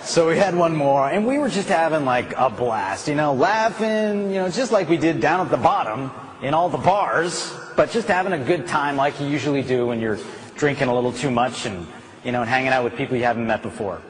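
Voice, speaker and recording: A man telling a story as a motivational speaker, animated, with swings between loud outbursts and hushed stretches. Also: a little high, a little fast.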